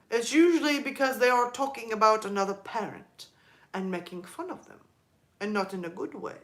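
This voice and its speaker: A woman in her thirties hosting a live stream, chatting casually and rambling through stories about her kids and her mom. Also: fairly high pitch. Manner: chatty, rambling, animated storytelling.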